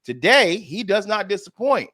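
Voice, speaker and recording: Comedy radio host guy, hypes everyone up, bouncy pitch, dry close mic. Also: sing-song, normal speed, pushed and bright, no echo. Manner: hype showman, laughs along.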